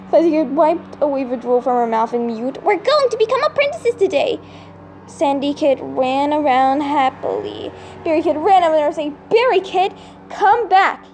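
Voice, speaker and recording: A woman reading her own fan story aloud, halting now and then to restart and fix words. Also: sits high, mellow, slight background noise. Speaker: storybook reader.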